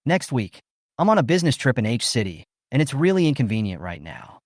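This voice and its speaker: A man's voice: mid-range voice, sing-song, brisk, no echo. Dude doing a cold rich young guy, short clipped answers, dry sound. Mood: patient. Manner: curt, cold. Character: cold aloof young male billionaire.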